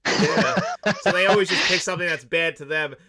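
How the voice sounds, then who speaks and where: A man's voice: a little high, fairly quick, crowd noise. An American man co-hosting a podcast, giving blunt opinions on a film and laughing often. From United States. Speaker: podcast co-host. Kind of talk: casual film discussion.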